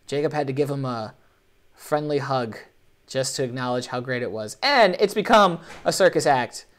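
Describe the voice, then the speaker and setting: Animated joking man hosting a live show. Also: medium pitch, normal speed. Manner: animated, joking, playfully sarcastic. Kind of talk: live commentary on competition videos.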